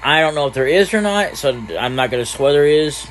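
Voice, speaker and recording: A man's voice: on the high side, expressive, a little fast, slight background noise, poor audio. A man casually commentating a game he plays, rambling and trailing off between thoughts. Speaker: gaming channel host. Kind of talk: casual let's-play commentary.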